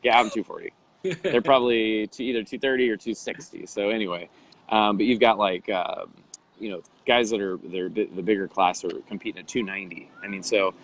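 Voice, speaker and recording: A man's voice: on the low side, a little hiss or hum, low-quality recording. A man being interviewed, telling a story animatedly and acting out the voices of people he quotes. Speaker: interview guest, bodybuilder.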